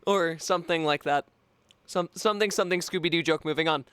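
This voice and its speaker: A streamer giving live gameplay commentary, excitable, swearing often and talking to chat. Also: mid-range voice, a little fast, clear, resonant tone, no echo.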